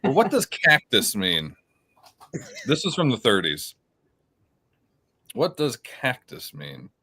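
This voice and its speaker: A man's voice: medium pitch, huge pitch swings, slow, sharp tone, husky. A man hosting a casual slang quiz among friends. He jokes and often restarts his sentences. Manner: joking, with frequent restarts. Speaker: host and quiz master. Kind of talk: casual group chat.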